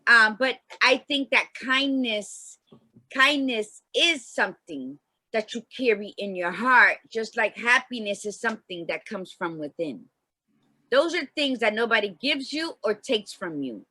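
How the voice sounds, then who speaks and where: Woman co-host, chatty and emphatic storyteller, bright tone. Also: fairly high pitch, lively intonation, unhurried, no room sound. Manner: long-winded storyteller, emphatic. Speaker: podcast co-host. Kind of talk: casual chat.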